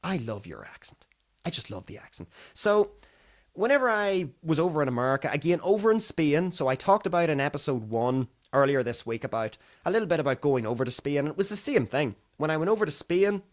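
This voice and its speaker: A young Irishman goes through the news on his podcast in casual solo commentary, chatting freely and straying from the subject. His slightly high voice is expressive and fast, and his chatty, digressive style includes acting out other people's voices.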